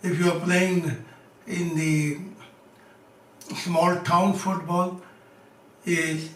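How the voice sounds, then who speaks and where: A high-voiced man talks slowly and insistently in broken English while answering questions from his audience. He is far from the microphone in an echoey room, and a faint hum sits underneath. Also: level tone. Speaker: spiritual teacher answering questions. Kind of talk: live question-and-answer talk. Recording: echoey room, mic at a distance.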